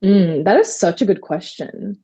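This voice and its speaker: A woman attorney telling stories in a casual interview, animated, quoting herself and using many fillers. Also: mid-range voice, normal speed, slightly rough. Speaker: trademark attorney guest.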